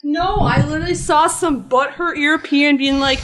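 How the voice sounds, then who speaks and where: A woman's voice: sits high, fairly even intonation, moderate pace, few pauses, crowd noise. A woman in casual comedy podcast chat, giggly and mocking. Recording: noisy recording.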